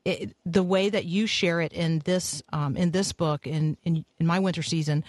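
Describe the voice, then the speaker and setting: A man's voice: fairly high pitch, fairly even intonation, moderate pace, no room sound. A man hosting a radio interview, asking long questions with frequent ums. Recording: dry close mic.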